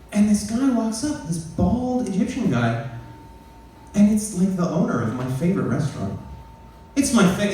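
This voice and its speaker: A man performing stand-up on a club stage, animated and foul-mouthed as he acts out a neighborhood feud. His voice swings widely in pitch. The sound is roomy and distant, with faint club noise underneath. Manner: animated, profane, acts out both sides of a quarrel. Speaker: stand-up comedian. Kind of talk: stand-up storytelling.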